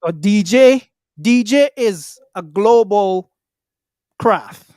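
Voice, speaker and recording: A man's voice: high voice, expressive, slow, darkish tone, no echo. Probing man interviewer, dry sound. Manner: probing, rephrasing questions. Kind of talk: interview questions.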